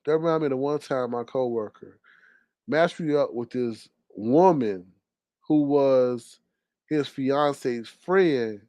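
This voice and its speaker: A man rants in an indignant, drawling way on a live talk stream. His voice sits at an ordinary middle pitch, recorded dry and close, and it swings between loud outbursts and low mutters. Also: slow pace, dry recording. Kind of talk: animated casual ranting.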